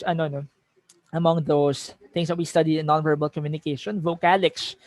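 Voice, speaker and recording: A man's voice: fairly high pitch, no room sound. A man with a Filipino accent giving an online lecture in a conversational way, reading sample sentences with shifting emphasis and often correcting himself. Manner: reads example sentences aloud with shifting emphasis, frequent self-corrections. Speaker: teacher giving a webinar. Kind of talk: conversational lecture mixing English and Tagalog.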